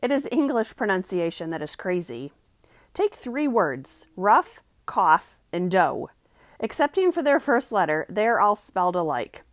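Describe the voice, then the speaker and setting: A woman's voice: medium pitch, sing-song, measured pace, no room sound. Woman voicing a fussy storybook French tutor, emphatic, dry close sound. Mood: insistent. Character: insistent adult male French tutor.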